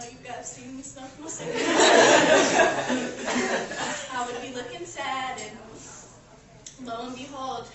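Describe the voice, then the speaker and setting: Young woman giving a fond eulogy, high voice. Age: young adult. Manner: reflective and fond, with small laughs and hesitations. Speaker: classmate speaking at a memorial vigil. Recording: echoey room from far off, noisy.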